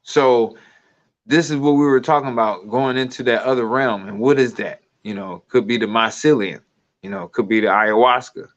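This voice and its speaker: At a moderate pace and medium pitch, a video commentator wanders casually from point to point, laughing here and there. The recording has a dull, lo-fi quality.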